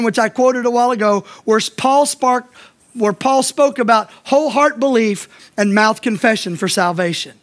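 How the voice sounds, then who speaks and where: High-voiced preacher with a lilt. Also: male voice, a bit bright. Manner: preaching with emphatic repetition and direct questions to the congregation. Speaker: pastor. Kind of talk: sermon. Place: church.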